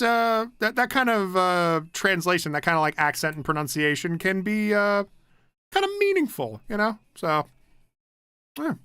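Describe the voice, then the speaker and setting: A man's voice: fairly high pitch, sharp tone, smooth, no echo, clean studio sound. A young man streaming from home, chatting casually, rambling with restarts, swearing and laughing easily. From United States. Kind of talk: casual chat reading stream comments.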